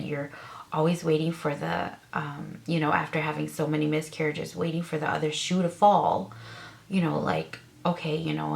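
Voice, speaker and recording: A woman's voice: fairly low pitch, creaky. A woman in her thirties casually telling a personal story, full of fillers and emotion, quoting herself and her husband. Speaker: vlogger sharing her story.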